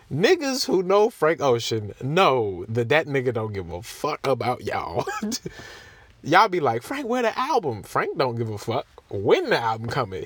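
Animated, laughing young man podcast host. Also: mid-range voice, breathy edge, no echo. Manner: animated, laughs often, profane, mocking. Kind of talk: casual solo podcast rant.

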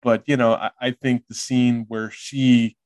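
A man's voice: mid-range voice, little pitch movement, a little slow, darkish tone, no echo. A man co-hosting a movie podcast, thinking aloud in a hesitant way. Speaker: podcast co-host. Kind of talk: casual movie discussion.

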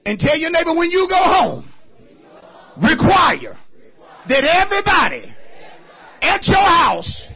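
High-pitched shouting preacher man. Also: wildly swooping pitch, slow pace, long pauses, a faint crowd. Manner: shouting, preaching with call and response. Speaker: pastor. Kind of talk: sermon.

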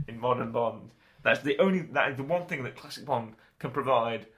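Bright-voiced man, chatty. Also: medium pitch, a little fast. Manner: chatty, jokey, does film impressions. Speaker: film podcast co-host. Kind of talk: casual chat.

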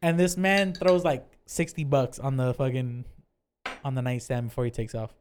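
A man's voice: mid-range voice, steady tone, moderate pace, a little mellow, a little hiss or hum. A man hosting a casual drinking podcast, teasing his guest with hypotheticals. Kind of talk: casual chat over drinks.

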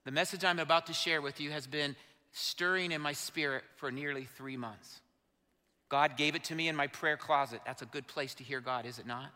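A man's voice: fairly high pitch, sharp tone. A pastor, a man, preaching a sermon to his congregation in a conversational way, asking them questions. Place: church sanctuary. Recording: reverberant church hall.

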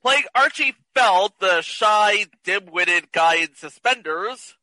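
A man's voice: high-pitched, expressive, slow pace, pushed and bright, no room sound, rough recording. A man co-hosting a casual movie chat podcast, teasing and wry. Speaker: podcast co-host.

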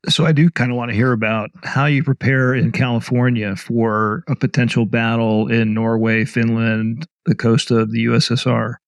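A man's voice: medium pitch, little pitch movement, normal speed, few pauses, no room sound. A man co-hosting an interview, making short casual remarks and questions.

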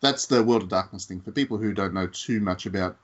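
Husky-voiced man, teasing co-host. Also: fairly low pitch, a little fast, highs cut off. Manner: teasing, rambling with fillers. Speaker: podcast co-host. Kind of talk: casual chat.

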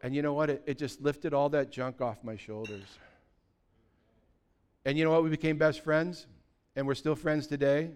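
Pastor guy from california, 50s, telling a story in a sermon, smooth clear voice, a bit on the high side, gets loud sometimes. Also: moderate pace, long pauses. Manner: lively anecdotal, with sudden loud bursts.

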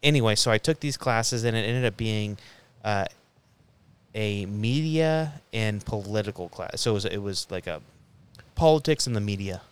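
At a podcast round table, a young co-host tells a long, rambling story in casual chat, swearing often and restarting his sentences. His voice is fairly low and clean-toned, at a moderate pace.

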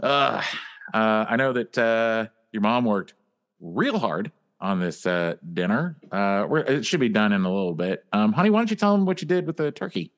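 Man as a welcoming holiday dad, slow, fumbling, fillers, improv comedy. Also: lowish voice, sing-song, long reverb tail. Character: warm older dad hosting a family Thanksgiving.

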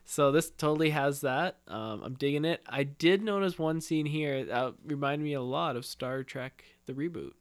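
Excitable man, filler-heavy casual chat. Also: on the high side, normal speed, hardly any pauses, clear, resonant tone. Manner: excitable, fills speech with "like" and "man". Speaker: podcast co-host.

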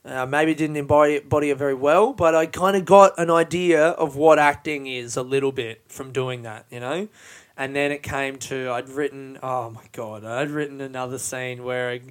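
A man's voice: medium pitch, fairly even intonation, moderate pace. A man hosting a podcast on his own, talking in a rambling, frank, self-mocking way and swearing often. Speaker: podcast host and stand-up comedian. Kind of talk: casual solo podcast monologue.

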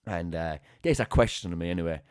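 A young man, hosting a podcast and telling an animated story in casual chat. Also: low-pitched, fast talker, clear, resonant tone, no room sound, clean studio sound. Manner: animated anecdote-telling with acted-out quotes and laughter. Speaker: podcast host.

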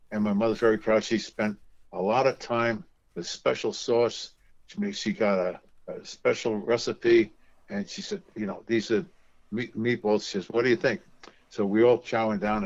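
Guy telling family stories, animated, does the voices, kinda muffled sound. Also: lowish voice, creaky. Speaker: guest author.

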